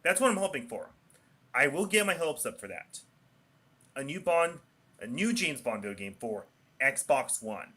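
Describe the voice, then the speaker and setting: A man's voice: mid-range voice, very animated, a little slow, pauses often, bright, forceful tone, breathy edge. A man chatting casually on a podcast as a regular, rambling in plain statements with hesitant fillers. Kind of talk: casual chat.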